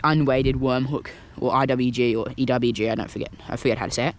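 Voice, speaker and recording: A man casually talking through a fishing trip on the water, chatty and excitable, recorded on an action camera. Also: mid-range voice, quick pace, slight background noise. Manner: chatty, excitable, thinks aloud. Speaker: fishing vlogger. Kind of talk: casual narration while fishing.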